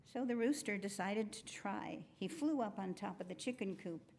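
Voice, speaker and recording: A woman reading a children's story aloud at a worship service in a gentle, unhurried way. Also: medium pitch, lively intonation, slight background noise.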